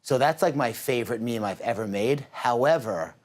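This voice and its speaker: A man's voice: mid-range voice, expressive, normal speed. Young guy on a tv interview, talks loose and rambly, says like a lot. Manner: casual, rambling, with lots of "like". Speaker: guest, meme creator. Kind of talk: TV studio interview. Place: TV studio.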